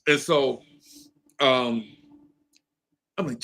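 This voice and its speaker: A man's voice: on the high side, very animated, slow, pauses often, pushed and bright. A man in his fifties telling a story in a laid-back podcast chat, laughing often and asking "right?" after his points. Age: 50s. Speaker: podcast co-host. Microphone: streamed podcast mic.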